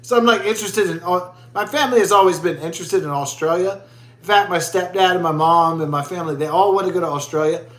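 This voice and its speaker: A man's voice: high-pitched, quick pace, a bit bright, echoey room. A man vlogging as he drinks a beer, telling a rambling story in crude, profane, rambling talk.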